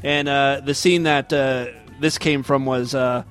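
A man's voice: medium pitch, steady tone, a little slow, a bit bright, faint music behind. A man hosting a comedy show, telling a story in a wry, self-mocking way. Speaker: show host. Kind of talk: comedic monologue.

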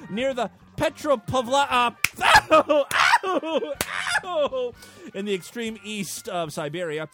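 A man's voice: high-pitched, a bit bright. A man hosting a podcast, reading out news with crude, irreverent commentary and frequent laughter. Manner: irreverent, laughs often, mock voices for quotes. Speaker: podcast host.

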